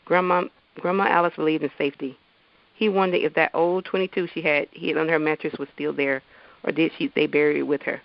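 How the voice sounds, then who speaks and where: A woman, an author and teacher, introduces herself and reads from her novel with a halting delivery full of restarts. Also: low-pitched, fairly even intonation, vocal fry, no room sound. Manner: halting, with many fillers and restarts. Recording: dull lo-fi dry sound.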